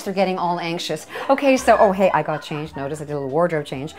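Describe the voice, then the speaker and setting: A woman hosts a cooking show with a slightly low voice for a woman. She talks to the camera in a playful, chatty way, slipping in jokey asides and little cheers as she demonstrates. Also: expressive, fast, hardly any pauses. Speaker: cooking show host, home economist.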